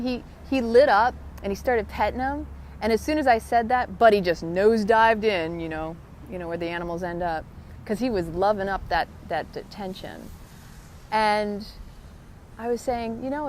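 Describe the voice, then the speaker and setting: A woman's voice: on the high side, slight background noise. Earnest woman musing on a walk. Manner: gentle, earnest, spiritual self-help talk. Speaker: podcast host. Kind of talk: casual reflective monologue. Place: outdoors on a walking trail.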